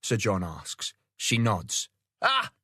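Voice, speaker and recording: Low-voiced man narrating a novel. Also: moderate pace, dry recording, clean studio sound. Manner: steady storytelling, lifts pitch for quoted characters. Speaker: audiobook narrator. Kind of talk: scripted narration.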